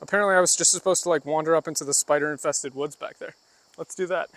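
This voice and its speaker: A man's voice: on the high side, steady tone, fast, fairly bright tone, dry recording. A man livestreaming while walking outdoors, chatting loosely with his viewers and demonstrating phrases. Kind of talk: casual livestream chat while walking, answering chat. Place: outdoors, rural path near woods.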